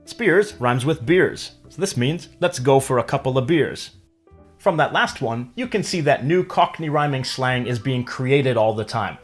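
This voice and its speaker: A man narrating a scripted language lesson, explaining clearly and stretching example words out slowly. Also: mid-range voice, animated, faint music behind. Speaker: language teacher.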